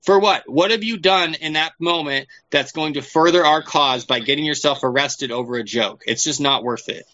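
A man in casual podcast talk with a fairly high, sharp, bright voice. He rambles, swears constantly and leans on fillers. The recording sounds dull and lo-fi. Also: normal speed, hardly any pauses. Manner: profane, rambling, heavy on fillers. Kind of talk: casual chat.

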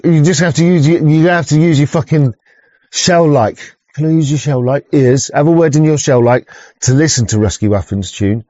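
A man's voice: fairly high pitch, darkish tone, no echo. A man, hosting a livestream in a rambling, profane chat with lots of restarts, heard through a dull lo-fi mic. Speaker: livestream host.

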